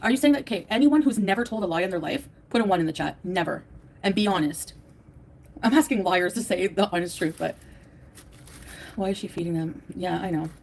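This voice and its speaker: A woman's voice: on the low side, animated, fairly quick, creaky, darkish tone. A woman livestreaming at home, defensive and profane, ranting at her chat while tired and in a bad mood. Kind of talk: angry livestream rant to chat.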